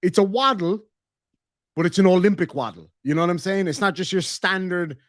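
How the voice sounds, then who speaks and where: A man's voice: high voice, fairly quick, a bit bright, no echo, clean studio sound. An Irish man hosting a casual stream, reading member messages aloud in a joking, crude, rambling way. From Ireland. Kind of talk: casual reaction stream chat.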